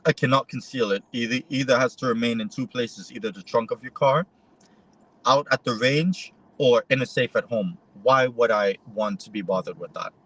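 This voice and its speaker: A man talks through a story for an interviewer, in a casual conversational way. He retells the back-and-forth with lively emphasis, switching into the other side's words as he goes. His voice sits at a middling pitch. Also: normal speed, low-quality recording. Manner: animated retelling, voices quoted exchanges. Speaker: interview guest; photojournalist.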